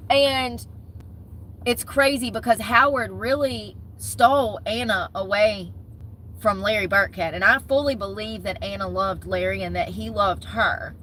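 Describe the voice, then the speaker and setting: A chatty young woman talking straight to her camera, gossiping and rambling in a bright, forceful voice. She sounds like she is sitting in her car, with a faint hiss of noise under her. She talks in a loose, easygoing way and keeps turning to her viewers. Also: mid-range voice, low-quality recording. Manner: chatty, gossipy, talks with her hands in words like "y'all" and "homegirl". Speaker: vlogger. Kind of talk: casual chat to camera.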